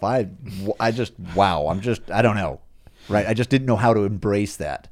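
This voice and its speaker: Low-voiced man telling a story animatedly. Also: fairly quick, gravelly. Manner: animated, acts out his own past thoughts. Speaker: podcast guest, horse trainer. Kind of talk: casual storytelling.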